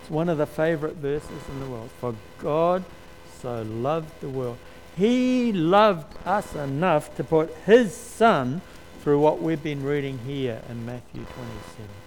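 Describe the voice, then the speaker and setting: A man preaching a sermon, slow and emphatic, lifting his voice to stress key words. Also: a little high, lively intonation, slight background noise, poor audio.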